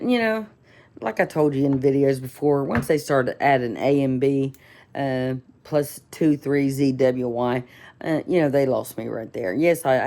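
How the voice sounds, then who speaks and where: A woman's voice: a bass voice, dark tone. A woman telling a rambling, indignant story in a casual vlog, full of fillers and restarts. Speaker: vlogger.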